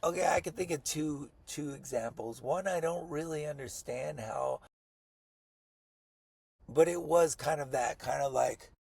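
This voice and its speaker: A podcast co-host from Colorado, US, tells friends a rambling, profane story, often quoting the people in it. His voice is on the high side, gravelly and husky, a little mellow, with a measured pace and no echo.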